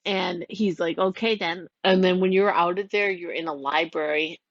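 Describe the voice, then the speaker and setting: A woman's voice: fairly low pitch, fairly even intonation, normal speed, no room sound, muffled recording. A woman casually retelling a game's plot, rambling and giggly, full of "like" and little voices for the characters. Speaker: storyteller recounting a game plot.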